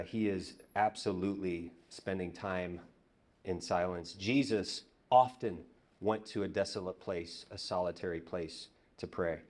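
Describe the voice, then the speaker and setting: A man preaching a conversational sermon as pastor, telling stories and dropping to a hush on repeated words. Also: fairly low pitch. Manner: conversational, storytelling, drops to hushed repetitions. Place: church.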